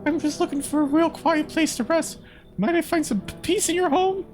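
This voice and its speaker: A man voicing a timid young man in a game who asks to be let in, reading the lines in a soft, pleading voice. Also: extremely high pitch, normal speed, soft background music, pitched above the performer's own voice. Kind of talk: reading game dialogue aloud.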